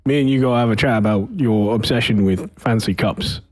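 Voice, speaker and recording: A man's voice: lowish voice, fairly quick. A man playing a tabletop role-playing game, talking in a blunt, joking way with casual swearing. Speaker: player.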